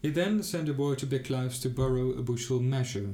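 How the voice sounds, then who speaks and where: A man's voice: mid-range voice, brisk, mellow. A man reading a fairy tale aloud, narrating plainly and lifting his voice for the characters' cries. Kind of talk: storybook reading. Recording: echoey room.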